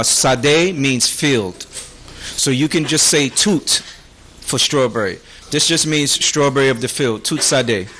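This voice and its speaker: A man's voice: medium pitch, fairly bright tone, a little hiss or hum. A man teaching a beginner Hebrew class, quizzing students on words and joking with them in a casual way. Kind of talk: classroom lesson.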